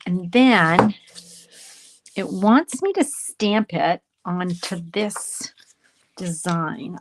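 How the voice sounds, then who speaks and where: A Canadian card-making instructor chats with viewers in a casual crafting tutorial, talking to herself as she works and joking about her own slips. Her voice is on the low side with lively intonation, extremely slow with long pauses, over slight background noise.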